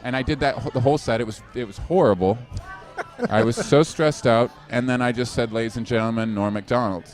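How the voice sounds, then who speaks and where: A man's voice: mid-range voice, a little fast, some chatter behind. A man, a comedian, telling a story in casual chat, laughing often as he talks. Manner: animated storyteller, laughs often while talking. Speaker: comedian guest.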